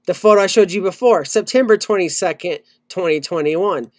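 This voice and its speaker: A man co-hosting a podcast, ranting loudly in casual chat and swearing a lot. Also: sits high, fairly quick, no echo. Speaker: podcast co-host.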